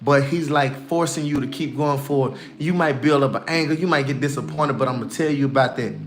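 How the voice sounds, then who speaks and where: A man's voice: mid-range voice, fairly quick. A man giving casual, emphatic spiritual encouragement on a livestream, folksy and repeating himself for emphasis.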